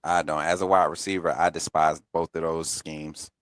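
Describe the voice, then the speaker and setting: Deep-voiced laid-back man chatting football. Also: flat delivery, normal speed, clean tone, no echo. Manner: laid-back, slangy, laughs often. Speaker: podcast co-host. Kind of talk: casual sports chat.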